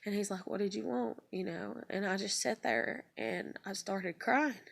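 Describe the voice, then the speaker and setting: Woman, 30s; raspy and fried, close and dry; tearful, confessional vlog storytelling. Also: medium pitch, measured pace, no echo. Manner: rambling, confessional, emotional. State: tearful, voice breaking. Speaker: vlogger.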